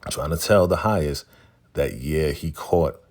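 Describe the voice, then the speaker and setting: A man with a very low, gravelly voice talks through an episode recap in a loose, casual way. His tone is husky rather than clean, and he jumps into the characters' dialogue as he goes. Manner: retells scenes with quick quoted dialogue and laughs. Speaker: recap host.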